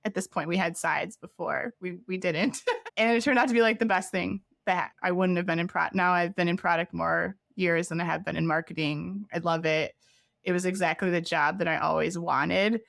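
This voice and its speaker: A woman's voice: lowish voice, steady tone, normal speed, vocal fry, fairly bright tone, dry recording. Chatty woman telling her story, dry close sound. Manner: chatty, frequent "like" fillers, laughs while recounting. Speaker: guest, former head of product. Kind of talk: candid interview storytelling.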